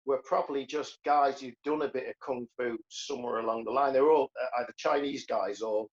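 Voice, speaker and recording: A man's voice: medium pitch, fairly even intonation, brisk. Man in his sixties, lo-fi sound. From Liverpool, England. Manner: earnest, reflective, stammers into sentences. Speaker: guest, comedian and karateka. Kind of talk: casual conversational interview.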